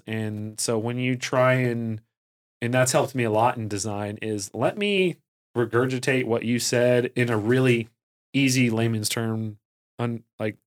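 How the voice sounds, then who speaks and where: A man talking as a podcast guest in a casual, energetic way, full of fillers and restarts. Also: medium pitch, smooth. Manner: energetic and excitable, heavy use of "like" and fillers. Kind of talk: casual conversational storytelling.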